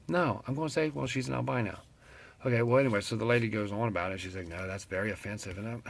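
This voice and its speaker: A middle-aged man with a West Virginian accent, ranting to camera in a blunt, profane, animated vlog. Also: medium pitch, very fast, vocal fry. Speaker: vlogger.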